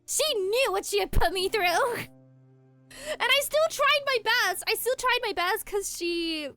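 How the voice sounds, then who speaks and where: A young woman streaming a game from home, telling rambling stories in a casual, animated way. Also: very high voice, measured pace, faint music behind. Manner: animated rambling storytelling with frequent laughs. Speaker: VTuber streamer. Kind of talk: casual chat while playing a game.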